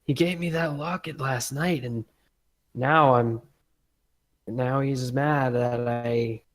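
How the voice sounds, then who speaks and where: A man's voice: medium pitch, fairly even intonation, takes it slowly, natural voice. A man voicing a flirty, easily flustered half-orc tavern woman in a tabletop game, her words gushing out in a breathless rush. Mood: bewildered.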